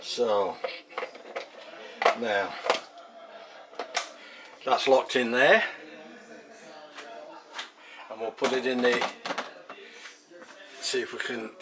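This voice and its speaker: A man's voice: mid-range voice, fairly even intonation, drawn-out words, pauses often, heavy background noise. A man from England with an English accent, chatting casually to camera in a home kitchen, rambling and repeating himself as he talks. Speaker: home cooking vlogger.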